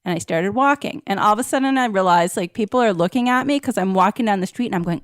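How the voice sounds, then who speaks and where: A woman co-hosts a podcast, telling stories with lively, acted-out reactions. Her voice sits a little high and is recorded dry and close. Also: a little fast, clean tone, no room sound. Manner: animated storyteller, acts out her reactions. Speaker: podcast co-host. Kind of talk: casual chat.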